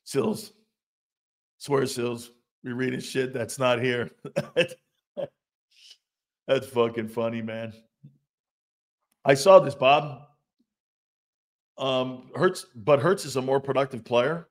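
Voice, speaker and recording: A man's voice: medium pitch, slow, long pauses. A man hosting a sports talk show, reacting to fan comments in a loose, profane way and laughing often. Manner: animated, laughing, profane, loud outbursts.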